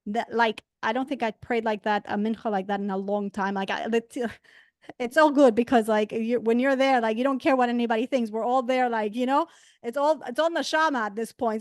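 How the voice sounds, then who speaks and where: A woman teaching a faith class, telling a personal story in an earnest, animated way with many restarts. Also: fairly high pitch, fairly quick, no echo, studio quality.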